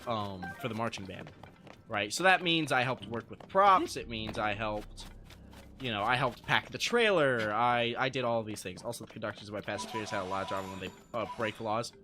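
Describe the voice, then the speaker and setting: A man's voice: fairly low pitch, moderate pace, music in the background. A young adult man streaming live, telling casual stories to his chat, swearing freely and laughing often.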